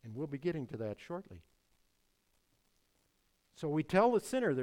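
Male preacher, slightly high and very animated delivery, emphatic sermon style with hushed-to-loud swings. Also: normal speed, pauses often. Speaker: pastor.

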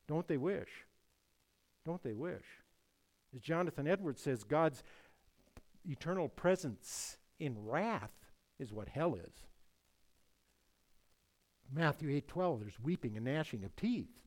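A man preaching a sermon, swinging between hushed lines and loud emphatic ones. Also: a little high, animated, measured pace, pauses often. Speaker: pastor.

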